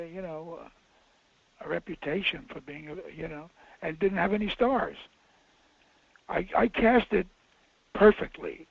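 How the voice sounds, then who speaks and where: An older man tells rambling stories in a husky, gravelly voice, stopping and restarting, then hitting words hard. He sits a little high for a man. The audio is dull and lo-fi. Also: no echo. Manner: rambling, restarting, emphatic bursts. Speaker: filmmaker guest. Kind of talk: casual anecdote.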